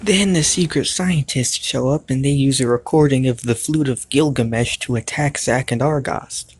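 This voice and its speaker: A man's voice: medium pitch, normal speed, slightly rough, no room sound. A man narrating a recap of a cartoon series as a YouTube reviewer, playful, with jokey asides to the viewer. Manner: grows louder and more animated in the climax.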